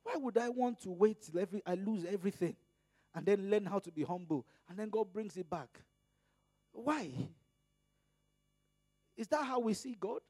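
Impassioned high-voiced preacher man. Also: animated, moderate pace, long pauses, darkish tone, no room sound. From Nigeria. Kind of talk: sermon.

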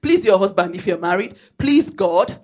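Lively Nigerian woman preaching. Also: medium pitch, normal speed, slightly rough. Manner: lively, storytelling, laughs often, emphatic exhortation. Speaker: church speaker. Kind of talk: sermon. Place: church.

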